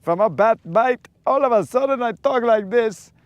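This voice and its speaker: A man putting on a hammy adult male vampire count voice, theatrical and drawn-out, during a live fishing stream. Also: very high voice, animated, no room sound, highs cut off, voice pushed up.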